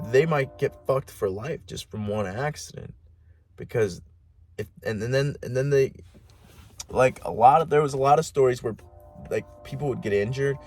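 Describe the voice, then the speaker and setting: A man hosting a podcast alone, rambling in a casual monologue with heavy swearing, lots of "like" and restarts. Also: mid-range voice. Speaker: podcast host.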